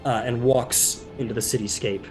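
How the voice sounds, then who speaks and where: A man's voice: medium pitch, fairly even intonation, normal speed, music in the background. A man running a tabletop game as game master, narrating casually with many fillers and restarts.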